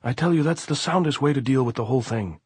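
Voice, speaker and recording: A man's voice: medium pitch, fast, slightly rough, no echo, pitched above the performer's own voice, close to an everyday voice. A man doing a fiery anarchist sentry. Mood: fervent. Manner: fervent, blustering. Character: hot-headed male anarchist sentry with a grenade.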